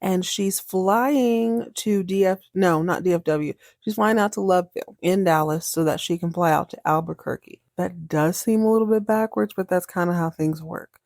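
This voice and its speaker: A woman hosting a podcast, recapping a TV episode in a chatty, animated way and acting out the characters' lines. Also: on the low side, normal speed, gravelly, hardly any pauses, no room sound, clean studio sound. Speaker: podcast host.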